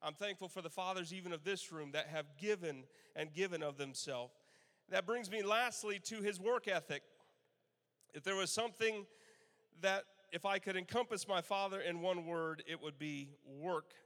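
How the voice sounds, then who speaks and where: A man in his thirties preaching a Father's Day sermon, storytelling with bursts of laughter and acted-out quotes. His voice sits high for a man. The sound carries a long reverb from the church sanctuary. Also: normal speed, fairly bright tone. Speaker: pastor.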